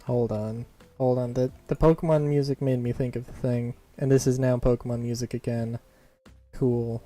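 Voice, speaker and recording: This is casual live-stream chatter from a streamer and voice actor mid-game, rambling with frequent restarts and laughter. The medium-pitched voice is warm, with little pitch movement and a moderate pace. Game music and typing can be faintly heard.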